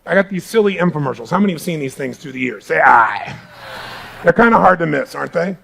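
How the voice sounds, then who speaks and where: A gravelly middle-aged man delivers a motivational talk to a live audience in a large hall. His voice sits fairly high for a man, with a rough, grainy edge. He drops to near-whispers and then surges into shouts. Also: fast, a crowd in the background. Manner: booming, energetic, swinging from hushed to shouting. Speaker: motivational speaker.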